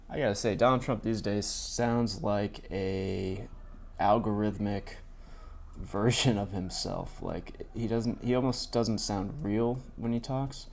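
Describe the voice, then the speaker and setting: Male commentary host, lowish voice, sardonic, reads news aloud with casual asides. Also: gravelly, a little hiss or hum. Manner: sardonic, reads quotes in his own plain voice; frequent fillers and restarts, asides.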